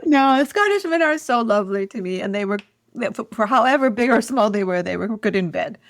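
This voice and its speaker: Podcast co-host, woman, fairly high and dry-miked, giggly, self-deprecating storyteller. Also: animated, a little fast, no room sound. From Ireland. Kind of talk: casual chat.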